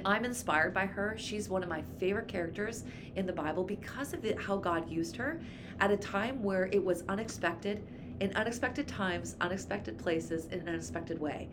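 A woman's voice: medium pitch, normal speed, noisy background. A woman, co-host of a Bible study podcast, talking enthusiastically about a favorite biblical heroine. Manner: enthusiastic, gushing.

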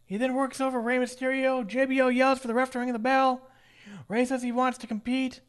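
A man's voice: very high-pitched, a little fast, clear, resonant tone. A man co-hosting a casual podcast, wryly recapping a wrestling show. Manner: wry, joking, lively. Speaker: podcast co-host.

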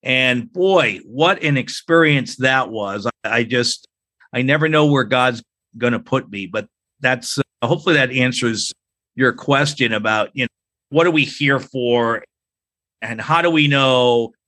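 Earnest bright-voiced man telling a story. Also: mid-range voice, unhurried. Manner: earnest, animated, acts out quoted speech. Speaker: podcast guest, author. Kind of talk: personal storytelling in a faith-based interview.

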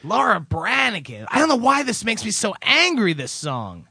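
A man's voice: high voice, wildly swooping pitch, moderate pace, vocal fry, pushed and bright, breathy edge, dry recording, studio quality. A man co-hosting a casual podcast, ranting with exasperation and laughing often. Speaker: podcast co-host.

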